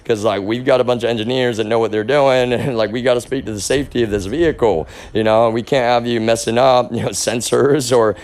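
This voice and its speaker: A man's voice: mid-range voice, steady tone, a little fast, few pauses, darkish tone. A man ranting on his livestream. He rambles and swears heavily, and he keeps calling his viewers "y'all.". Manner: rambling, agitated, heavy swearing. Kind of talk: livestream rant.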